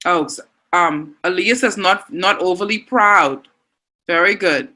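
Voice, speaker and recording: A woman's voice: lowish voice, unhurried, sharp tone, rough recording. Encouraging Bahamian woman teaching online. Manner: encouraging, reads out student answers. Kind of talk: online class lesson.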